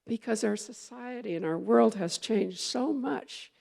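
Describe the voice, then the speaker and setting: A woman's voice: fairly high pitch, a little slow, creaky, darkish tone. A woman minister giving a conversational sermon, meandering, with fillers and restarts as she goes.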